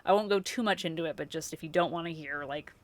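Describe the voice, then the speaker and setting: A woman's voice: sits low, fast talker, no room sound. A woman livestreamer chatting casually with her viewers, effusive and chatty, full of filler words and laughs.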